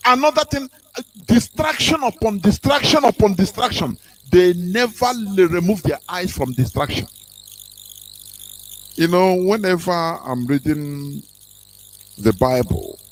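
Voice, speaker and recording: Radio host guy, high lively voice, preachy, faint hiss behind. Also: rough recording. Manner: animated, sermon-like, with fillers.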